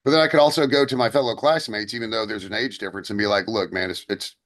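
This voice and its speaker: A man's voice: on the low side, steady tone, fast talker, a bit bright. A young man co-hosting a podcast, telling stories in a rambling casual way with many fillers and restarts. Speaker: podcast co-host. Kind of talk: casual chat.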